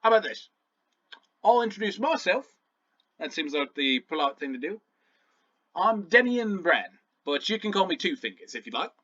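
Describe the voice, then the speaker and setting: A man's voice: high voice, expressive, normal speed, bright, forceful tone, muffled recording, pitched above the performer's own voice. A man voicing a cheerful, cocky male pirate cannoneer who teases his captives. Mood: teasing. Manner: jovial, says lad and mate.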